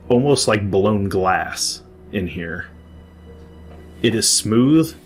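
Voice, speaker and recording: A man's voice: fairly low pitch, slight background noise. A man narrating a tabletop game as game master, describing scenes at length with frequent restarts.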